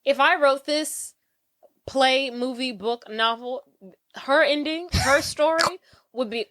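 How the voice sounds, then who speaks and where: A woman co-hosting a podcast, recapping a movie in casual, animated chat with quick asides and playful impressions. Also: high-pitched, no echo. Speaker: podcast co-host.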